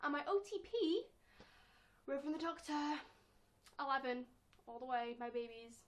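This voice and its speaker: A young woman with a British accent talks casually to camera in a vlog, answering viewer questions. Her voice sits high, and she rambles along in a playful, chatty way, switching to a squeaky put-on tone when she quotes people. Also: animated, moderate pace, a little hiss or hum. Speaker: vlogger.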